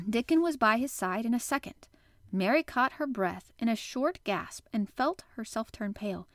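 A woman host narrating a classic novel chapter in an expressive, animated way. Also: a little high, moderate pace, dry recording, clean studio sound. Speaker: podcast host and reader. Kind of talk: audiobook narration.

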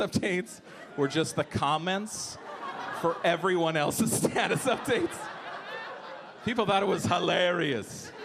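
A man in his thirties performing a stand-up comedy set, animated and jumping into shouted voices for jokes. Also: on the high side, noisy background. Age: 30s. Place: comedy club stage.

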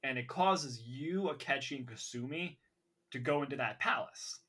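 A man's voice: mid-range voice, expressive, normal speed, pushed and bright, husky. A man hosting a casual podcast, eager and talking with lots of fillers. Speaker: podcast host. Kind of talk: casual podcast chat about a video game.

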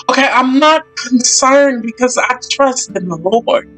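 A woman's voice: fairly high pitch, takes it slowly, a bit bright, faint music behind, rough recording. A woman hosting a faith talk session, speaking fervently and emphatically in a preaching style, repeating her points.

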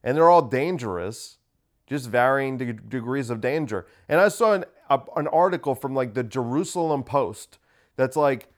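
A man's voice: medium pitch, lively intonation, moderate pace. A man hosting a casual solo podcast, ranting sarcastically and swearing freely. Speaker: podcast host.

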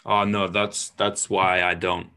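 Young host, bright and forceful, sweary storyteller, casual podcast. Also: male voice, sits low, flat delivery, slow pace, clean tone.

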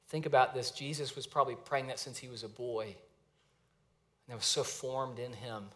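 A man preaching a sermon as a pastor, earnest, slowing down and dropping his voice to stress phrases. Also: medium pitch, fairly even intonation, a bit bright. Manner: earnest, varies pace and volume for emphasis, repeats phrases.

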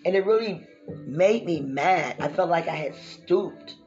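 Her voice lowish and a little slow, the lively host laughs through her stories and speaks straight to listeners as y'all. The recording is muffled, with faint music behind her.

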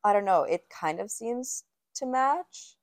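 A young woman co-hosting a podcast in casual chat, reacting quickly and swearing freely. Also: mid-range voice, animated. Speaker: podcast co-host.

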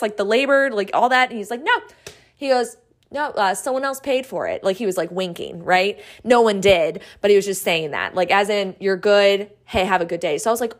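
A woman podcast host telling a personal story in a casual, excitable, chatty way, acting out the quoted lines. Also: fairly high pitch, fairly quick.

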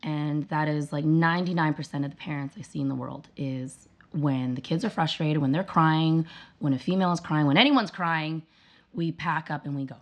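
A woman with a notably low voice talks in a casual interview. She tells stories earnestly and with emphasis, in a conversational flow. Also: moderate pace. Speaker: guest, parent sharing her views.

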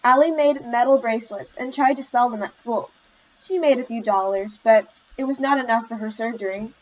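Woman narrating a story, slightly high voice. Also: brisk, slight background noise. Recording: slightly muffled lo-fi recording.

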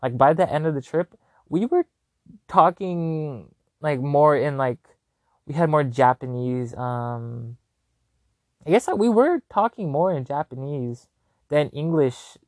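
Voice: medium pitch, a little slow, dry recording, clean studio sound. A vlogger telling a travel story in casual, rambling chat, full of "like" and loose swearing, often correcting themselves mid-sentence. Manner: chatty, filler-heavy with constant "like", casual swearing. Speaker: vlogger recounting a trip.

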